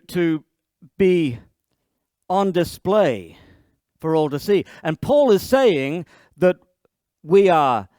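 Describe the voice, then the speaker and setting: A man preaching a sermon as pastor, explaining lively and playfully, often restarting his sentences. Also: fairly high pitch, clean tone, no echo, clean studio sound.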